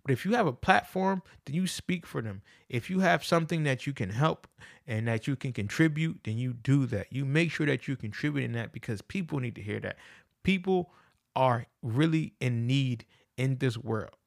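A man's voice: medium pitch, lively intonation, moderate pace, gravelly, no room sound, clean studio sound. A man hosting his own podcast, talking in an earnest, casual motivational monologue and repeating phrases for emphasis. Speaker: podcast host.

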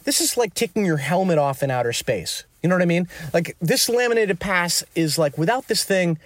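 A man, a touring musician, telling an anecdote in casual chat, animated and peppered with fillers. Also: a little fast, no echo. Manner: animated, jumps into high excited voices when quoting himself; peppers speech with "like" and "you know". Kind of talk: casual storytelling.

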